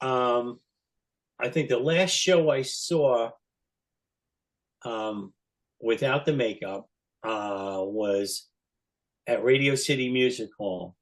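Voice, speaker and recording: A man's voice: mid-range voice, slow pace, long pauses. A man in his sixties telling casual stories as a podcast guest, rambling with many "you know" fillers and laughing as he talks. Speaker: guest, longtime fan. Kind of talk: casual anecdotal storytelling.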